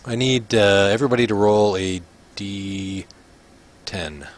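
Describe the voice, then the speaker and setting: A man's voice: on the low side, unhurried. A man narrating a tabletop game as game master, hesitant with many fillers.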